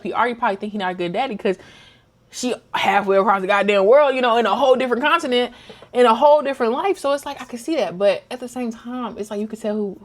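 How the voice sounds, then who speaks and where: Young woman vlogger gossiping about a book she's reading, animated, does the characters' lines. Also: mid-range voice. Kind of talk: casual chat recapping a book.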